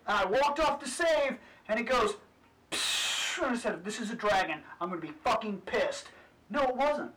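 Profane male storyteller, animated delivery, distant mic with faint hiss. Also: very high voice. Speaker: podcast panelist. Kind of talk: casual chat, storytelling.

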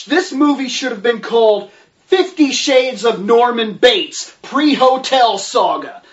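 A reviewer ranting about a film and book in an exasperated, sarcastic way, swearing heavily. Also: mid-range voice. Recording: distant, dull lo-fi recording.

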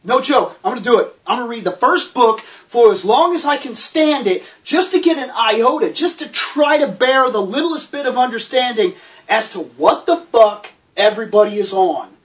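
A sarcastic reviewer tears into a film, swearing constantly and breaking into incredulous outbursts. The voice sits in a middle pitch and sounds slightly distant from the microphone. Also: animated, moderate pace. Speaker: movie reviewer.

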